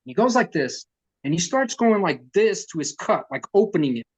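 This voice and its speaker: A middle-aged man, a punk vocalist telling profane, lively stories in an oral history interview. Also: sits high, fairly quick, breathy edge. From New York. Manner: profane, animated storyteller who acts out quotes.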